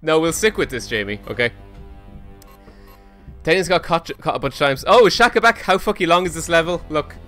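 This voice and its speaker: A man streaming himself playing a video game. He gives casual commentary in an excitable, self-mocking way and swears often. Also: a little high, brisk, long pauses, faint music behind. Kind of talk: casual let's-play commentary.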